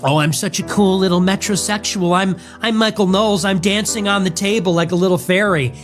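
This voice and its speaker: A man's voice: high-pitched, steady tone, a little fast, faint music behind, natural voice. A man doing a prissy, vain show-off. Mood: mocking. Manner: mincing mocking impression.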